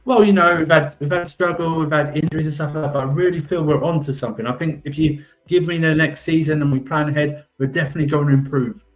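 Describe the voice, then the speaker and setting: A man's voice: on the high side, steady tone, fast talker, hardly any pauses, soft background music, natural voice. A man playing a defensive football manager. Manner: defensive, self-praising, rambling excuses. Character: embattled male football manager defending his record. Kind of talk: improvised comedic role-play.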